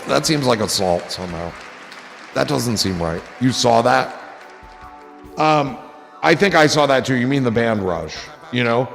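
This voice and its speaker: A man's voice: medium pitch, lively intonation, normal speed, creaky, fairly bright tone, big-room sound, faint music behind. A man hosting a casual livestream, rambling in a goofy, profane way to his chat. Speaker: livestream host.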